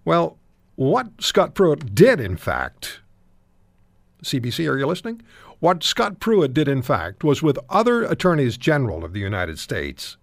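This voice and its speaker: A male talk radio host delivers emphatic commentary and interviews guests, restarting his thoughts as he pushes a point. His pitch is lively and animated. The sound is dry and close to the studio mic. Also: a little slow, gravelly, no room sound.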